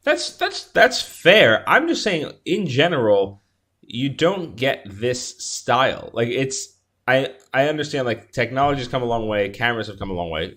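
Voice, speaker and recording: Lively male co-host, mid-range voice, casual movie talk with lots of restarts. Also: medium pitch. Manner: animated, restarts often, acts out quoted lines. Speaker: podcast co-host.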